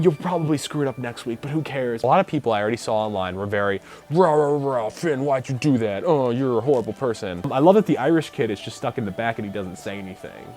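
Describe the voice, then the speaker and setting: A man's voice: mid-range voice, darkish tone. Sarcastic young man ranting animatedly. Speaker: video reviewer and host. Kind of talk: opinionated TV review vlog.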